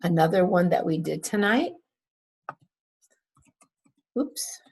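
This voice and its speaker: Slow, gravelly-voiced woman teaching vowels. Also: on the low side, lively intonation, darkish tone. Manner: says example words twice, stretching the vowel sounds. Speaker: English teacher. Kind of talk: slow, careful classroom review.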